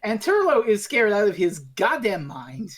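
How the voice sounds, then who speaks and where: A woman's voice: mid-range voice, big pitch swings, a little slow. A woman co-hosting a podcast in casual chat, blunt and swearing freely as she recaps. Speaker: podcast co-host.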